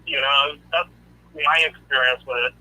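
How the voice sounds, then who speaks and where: A man's voice: medium pitch, fairly even intonation, moderate pace, pushed and bright, rough recording. A man with a Russian accent, calling in to a livestream and telling a rambling story in casual chat with lots of fillers. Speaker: caller.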